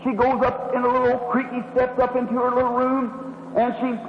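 A man's voice: very high-pitched, monotone, a little fast. A man preaching a revival sermon, telling the story in a dramatic, fervent way with sweeping rises and drops. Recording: echoey hall, dull lo-fi with faint hum.

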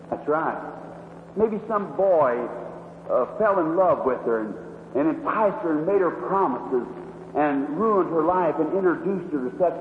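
A man preaching a revival sermon, telling the story in a dramatic, fervent way with sweeping rises and drops. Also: fairly high pitch. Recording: echoey hall, dull lo-fi with faint hum.

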